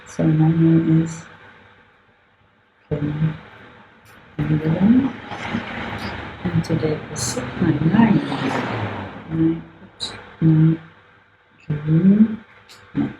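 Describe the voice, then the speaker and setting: A woman's voice: deep voice, very slow, creaky, pauses often. A woman artist chatting casually while she draws, thinking aloud, correcting herself and laughing often. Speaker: artist live-streaming a drawing session. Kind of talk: casual chat while drawing. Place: art gallery. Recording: echoey room with faint ambient noise.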